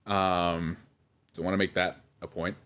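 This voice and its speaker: A young man telling his side of a story in a halting, emotional monologue, swearing and correcting himself as he goes. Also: low voice, flat delivery, fairly bright tone, clean tone. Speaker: vlogger responding to accusations.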